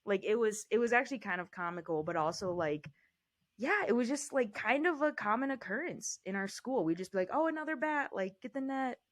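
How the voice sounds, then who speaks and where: Animated, foul-mouthed woman storyteller. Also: mid-range voice, fairly quick. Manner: animated storyteller, swears a lot, teasing. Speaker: podcast co-host. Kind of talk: casual chat.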